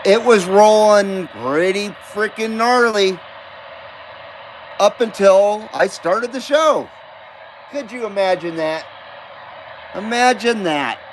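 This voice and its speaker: A man's voice: sits high, slow, pauses often, a little hiss or hum. A man hosting a casual livestream radio show from home, greeting callers in a chummy, laid-back way and swearing freely. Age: adult.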